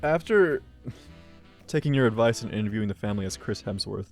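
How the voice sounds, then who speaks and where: A man's voice: on the low side, very fast, creaky, darkish tone, faint music behind. A young man co-hosting a podcast, telling playful, rambling stories full of fillers in casual chat. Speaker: podcast co-host.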